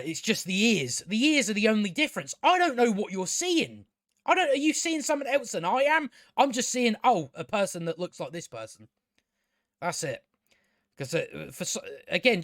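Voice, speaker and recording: Guy ranting thru a tv review, kinda high voice, swears a lot, dry close sound. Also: a bit bright, no echo. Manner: rambling, exasperated and profane. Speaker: TV show reviewer. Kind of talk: casual spoken review commentary.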